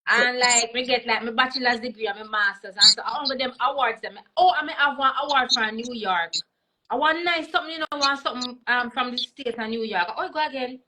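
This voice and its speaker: A woman's voice: on the high side, fairly quick, a crowd in the background, poor audio. A Jamaican woman, a comedian, telling stories in a casual interview over a video call, switching between patois and English. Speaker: comedian guest.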